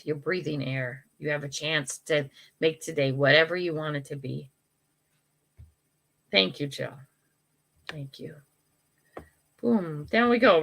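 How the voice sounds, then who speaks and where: A woman's voice: lowish voice, sharp tone. An older woman hosting a casual livestream, reading and answering viewer comments in a frank, chatty way, laughing often and breaking off to apologize. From United States. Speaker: livestream host.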